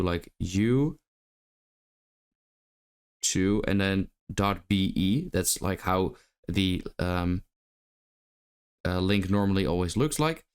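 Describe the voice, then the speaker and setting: A man hosting a casual tutorial, walking through app steps in a chatty way with lots of fillers. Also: low voice. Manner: chatty, step-by-step, frequent fillers. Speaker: tutorial host. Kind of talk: casual screen-recording tutorial.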